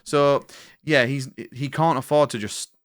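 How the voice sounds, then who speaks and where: A man's voice: medium pitch, steady tone, no room sound, clean studio sound. Rambling man in casual podcast chat. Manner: rambling, halting, with fillers and swearing. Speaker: podcast co-host.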